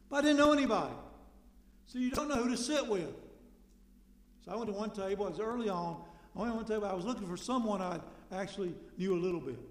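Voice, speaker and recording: High-voiced preacher in an echoey hall. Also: male voice. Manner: conversational preaching with rhetorical questions and sudden loud emphasis. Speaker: pastor. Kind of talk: sermon. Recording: echoey hall with long reverb.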